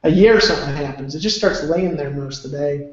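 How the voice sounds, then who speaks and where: A fairly high-pitched man speaks a little fast in an emphatic, rambling motivational talk with salty, casual cursing. The recording carries strong echo and a dull lo-fi room tone.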